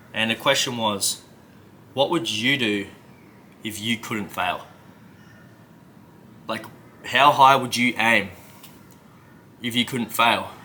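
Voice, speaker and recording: A man's voice: medium pitch, sharp tone, slight background noise. A man coaching viewers in an emphatic, conversational motivational talk, often checking in with "right?". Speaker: self-help coach.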